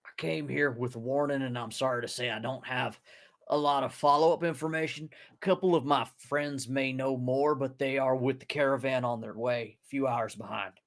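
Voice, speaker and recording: A man's voice: medium pitch, steady tone, moderate pace. A man playing a tabletop game, speaking in character with hesitant, filler-laden speech. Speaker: player. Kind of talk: in-character role-play.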